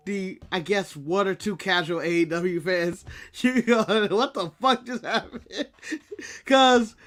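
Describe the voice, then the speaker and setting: A man's voice: high voice, bright, forceful tone. A man from the United States co-hosting a casual wrestling recap, joking, teasing and laughing often. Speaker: podcast co-host.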